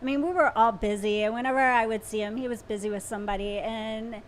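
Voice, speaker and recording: A woman with a Southern US accent co-hosting a casual live chat, bubbly and quick to laugh. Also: fairly high pitch, fairly even intonation, slight background noise. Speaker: co-host.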